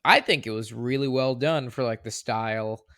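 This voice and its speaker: A man's voice: mid-range voice, moderate pace, fairly bright tone, no room sound, studio quality. A man co-hosting a podcast in a laid-back, joking way, chatting casually about films. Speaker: podcast co-host. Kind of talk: casual chat.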